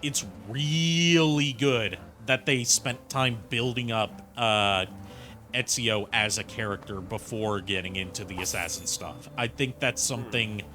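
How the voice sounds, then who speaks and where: A man's voice: lowish voice, measured pace, sharp tone. A man streaming a game and chatting casually, rambling and opinionated with lots of fillers. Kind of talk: casual gameplay commentary. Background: game music.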